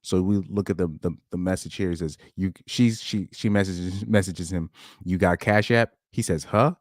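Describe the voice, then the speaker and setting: A man hosting a podcast, reacting to screenshots in a rambling, animated way, often laughing and jumping up in pitch when amazed. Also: normal speed, no room sound, studio quality. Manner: rambling, with frequent restarts. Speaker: podcast host. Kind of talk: casual commentary reading screenshots.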